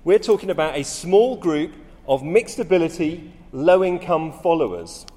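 Male preacher, animated pitch, dramatic sermon delivery, hall reverb. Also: moderate pace. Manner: dramatic, rising to loud emphatic quotes.

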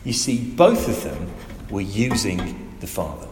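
A man delivers a sermon with a lively, rising-and-falling voice, pressing points home and asking the congregation questions. His words echo around a big hall with a long reverb tail and faint room noise behind. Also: fairly low pitch, unhurried. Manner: animated, emphatic, asks the listeners direct questions. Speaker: preacher. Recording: echoey hall with faint ambience.

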